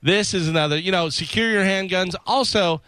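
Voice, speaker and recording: A man's voice: sits high, normal speed, pushed and bright, clean tone, no room sound. A man hosting a news segment on a morning radio show, casual and wry, mixing stories with jokes.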